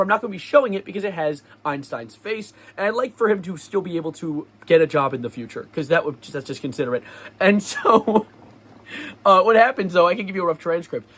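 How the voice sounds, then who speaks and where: A young man vlogging, telling a story in a lively, sarcastic way and often laughing. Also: on the high side, slightly rough. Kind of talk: casual storytelling vlog.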